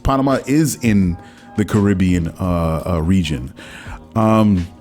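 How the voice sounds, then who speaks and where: Low-voiced man chatting solo, music faint. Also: slow pace, darkish tone. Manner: rambling, conversational, many fillers and restarts. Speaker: podcast host. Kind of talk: casual solo talk.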